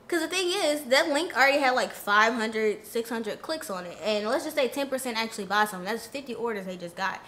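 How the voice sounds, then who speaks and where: Fast-talking bright young woman vlogger. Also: fairly high pitch, slight background noise. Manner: animated, ranting, indignant storytelling. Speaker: influencer vlogger. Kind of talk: storytime vlog.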